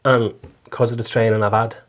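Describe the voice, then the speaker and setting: A middle-aged Liverpool man, a taxi driver and volunteer listener, earnestly shares his faith story as a guest in a casual interview, often stumbling and repeating words. His mid-range voice is level and brisk.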